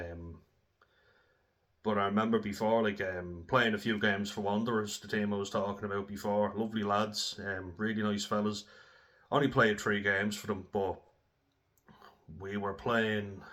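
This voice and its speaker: Young lad, kinda low voice, swears a lot and laughs while he talks, casual chat. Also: fairly bright tone. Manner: blunt, sweary, laughs while telling stories. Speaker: former rugby player. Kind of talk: casual storytelling.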